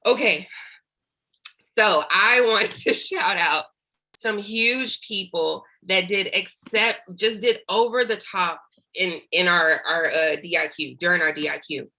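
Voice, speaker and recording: A woman's voice: fairly low pitch, slow pace, pushed and bright, poor audio. Emotional preachy woman team leader. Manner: preachy, faith-filled, tearful. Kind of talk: emotional team call speech. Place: video call.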